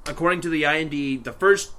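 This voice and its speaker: Bright-voiced chatty man. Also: fairly high pitch, quick pace. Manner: chatty, rambling, laughs often. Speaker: podcast co-host. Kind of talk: casual movie chat.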